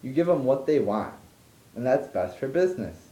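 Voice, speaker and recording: A man's voice: mid-range voice, very animated, normal speed, dark tone, roomy sound, muffled recording. A man delivering an exasperated, profane, rambling rant as a wrestling commentary vlogger, stumbling over restarts. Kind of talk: ranting monologue.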